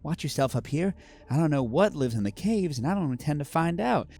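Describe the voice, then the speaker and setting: Wary island cook, a woman with a Southern drawl, voiced by a man in a tabletop game read-aloud, lively warning delivery. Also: fairly high pitch, a little fast, voice pushed up. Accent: American Southern, put on.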